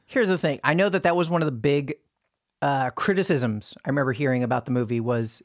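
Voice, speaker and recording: A man's voice: medium pitch, brisk. A man in casual, jokey banter who keeps trying silly accents.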